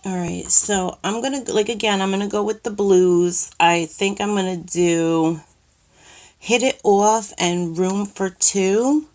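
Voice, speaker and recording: A woman's voice: medium pitch, takes it slowly, darkish tone. A woman with a New York accent filming a casual makeup tutorial at home, rambling with lots of ums and restarts, a little nervous on camera. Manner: self-conscious, says she is nervous on camera. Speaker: makeup vlogger. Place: cluttered bedroom at home.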